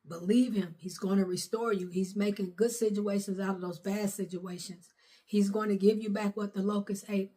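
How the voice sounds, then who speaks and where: A woman's voice: mid-range voice, steady tone, normal speed, warm tone. Fervent woman preaching. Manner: fervent, repetitive preaching with dropped grammar. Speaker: prophetess preaching. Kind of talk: sermon.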